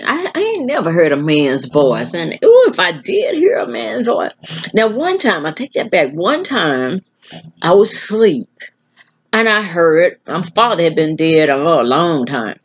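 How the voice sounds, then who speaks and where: An older woman from the American South talks slowly and thoughtfully, circling back on her words with restarts and fillers. Her voice is husky and a little low. The recording sounds dull and lo-fi, like a home video. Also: big pitch swings. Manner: slow, musing, with many restarts and filler words. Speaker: vlogger. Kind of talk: rambling casual monologue.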